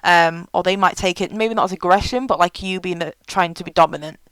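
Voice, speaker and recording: A woman's voice: on the low side, fairly quick, a bit bright, clear, resonant tone, dry recording, low-quality recording. A woman giving frank, chatty advice in a casual vlog, with many fillers. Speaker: vlogger.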